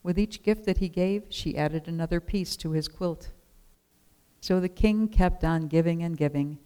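A storyteller reading a children's picture book aloud in a gentle, expressive way. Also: medium pitch, normal speed, clear, resonant tone, rough recording.

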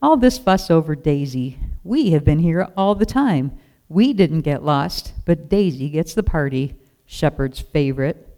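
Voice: mid-range voice, animated, a little slow, dark tone. A reader voicing a sulky jealous sheep. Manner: moaning, complaining. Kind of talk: storybook reading.

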